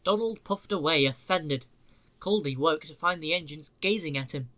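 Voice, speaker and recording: A man reading a children's storybook aloud in a clear, measured way. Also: on the high side, bright, forceful tone. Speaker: narrator. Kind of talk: storybook narration.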